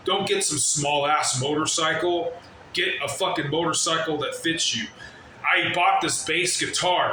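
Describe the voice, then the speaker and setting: In a reaction video, a man with a slightly high, bright, forceful voice rants brashly, swearing constantly and wandering off on tangents in a profane, rambling way. The recording has a very echoey room and slight noise.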